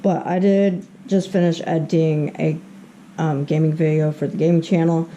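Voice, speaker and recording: A woman's voice: sits low, little pitch movement, moderate pace, dark tone, muffled recording, a little hiss or hum. A woman chatting candidly in a casual vlog, rambling and laughing between thoughts, filmed on a handheld camera. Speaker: vlogger.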